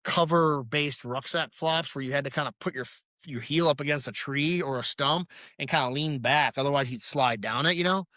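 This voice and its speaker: A man's voice: on the high side, normal speed, no echo, clean studio sound. A man, a retired Army veteran, telling war and training stories in a casual interview, rambling and acting out quotes. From United States. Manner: rambling, animated storyteller who acts out quotes.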